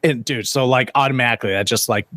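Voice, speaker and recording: A man co-hosting a fishing podcast, telling a story with plenty of swearing and animated energy. His voice sits at an ordinary pitch and sounds close and dry, with no room around it. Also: quick pace, no echo. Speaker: podcast co-host. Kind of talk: casual chat.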